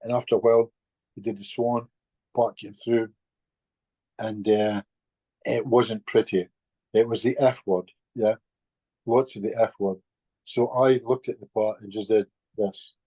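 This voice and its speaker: A middle-aged man, a guest healer, telling stories in a lively, chatty way with chuckles and restarts. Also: on the low side, a little slow, long pauses, husky, no room sound. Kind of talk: casual storytelling in conversation.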